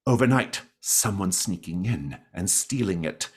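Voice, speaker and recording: A man voicing a bony old bearded tavern keeper who shouts indignant accusations. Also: deep voice, animated, a little slow, husky, heavily acted. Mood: accusing.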